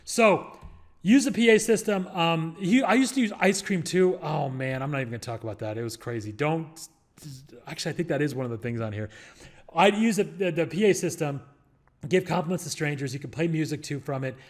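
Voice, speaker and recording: A young man rattles off advice at a quick clip, in a voice pitched a little above most men's. He rambles and jokes, full of fillers and restarts. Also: lively intonation. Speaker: real estate investor and show host. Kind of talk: casual advice monologue.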